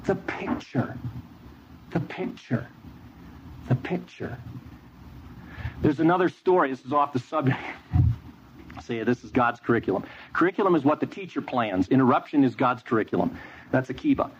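A man's voice: medium pitch, lively intonation, fairly quick. A man preaching a sermon, telling a story with energy and quizzing the audience. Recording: dull lo-fi with faint noise.

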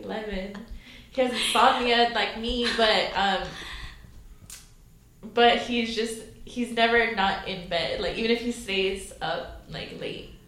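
A woman's voice: on the high side, a bit bright, roomy sound, a little hiss or hum. A young woman telling stories in casual chat, laughing often, swearing freely and saying "like" a lot.

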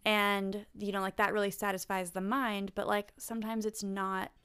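A woman's voice: mid-range voice, little pitch movement, moderate pace, fairly bright tone, clean tone. A young woman co-hosting a spiritual podcast, chatting casually with lots of fillers and the odd swear word. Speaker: podcast co-host. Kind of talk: casual chat.

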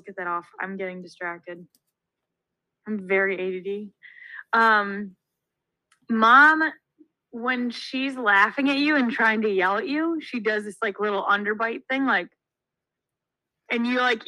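A woman's voice: medium pitch, sharp tone, no echo, rough recording. A young woman co-hosting a podcast, chatty and telling family stories with lots of fillers. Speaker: podcast co-host. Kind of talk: casual chat.

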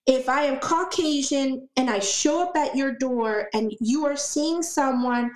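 A woman's voice: high voice, a little slow, darkish tone, reverberant, rough recording. A woman talking as a podcast guest in a casual conversation, emphatic and repeating words for stress.

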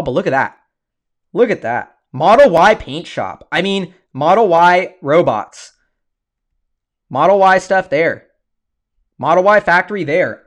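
A man hosting a casual livestream, excitable and rambling, often restarting his sentences as he talks. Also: a little high. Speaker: stock-market video host.

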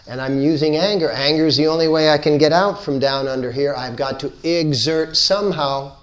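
A man giving a spiritual lecture, unhurried and playful, repeating words in rhythmic build-ups. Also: on the high side, vocal fry, a bit bright. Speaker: spiritual teacher.

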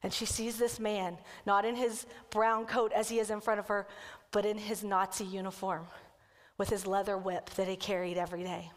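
A woman kids' pastor telling a story in a sermon and then leading the congregation through a slow, earnest breathing prayer. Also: medium pitch, little pitch movement. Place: church sanctuary. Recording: church hall with long reverb.

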